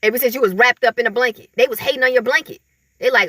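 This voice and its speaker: A woman vents in a casual monologue, her voice high and bright. She laughs freely and acts out other people in mocking voices. The sound is close and dry, with no room around it. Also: fast talker, dry recording. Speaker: vlogger.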